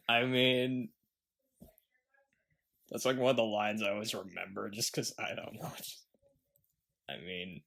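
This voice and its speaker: A man's voice: on the low side, fairly even intonation, a little slow, creaky, pauses often, a bit bright. A man co-hosting a movie podcast in casual chat, laughing often and quoting film lines. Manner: laughs often, quotes lines, loose and rambling. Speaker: podcast co-host.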